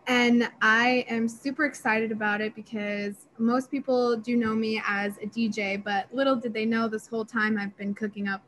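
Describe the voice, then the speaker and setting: Young woman DJ guest, fairly high voice, excitable and chatty, faint background hiss. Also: normal speed, hardly any pauses, low-quality recording. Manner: chatty and excitable, many fillers. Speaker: DJ and music producer. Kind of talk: casual interview answers.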